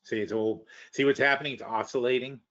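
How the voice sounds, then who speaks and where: A man's voice: mid-range voice, fairly even intonation, fast talker, fairly bright tone, highs cut off. A man hosting a live webinar, commenting casually and bluntly on markets, thinking aloud with trailing, restarted sentences and the odd curse. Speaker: webinar host.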